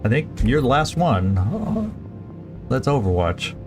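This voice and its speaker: A man's voice: medium pitch, very animated, unhurried, over music. A man streaming a strategy game, thinking aloud through each move with plenty of fillers and restarts. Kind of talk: casual let's-play commentary.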